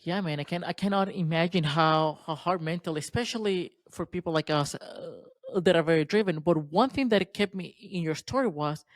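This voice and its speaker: A man's voice: on the high side, moderate pace, hardly any pauses, no echo. A man hosting a podcast, asking a casual follow-up question. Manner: casual, conversational. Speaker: podcast host. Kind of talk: interview question.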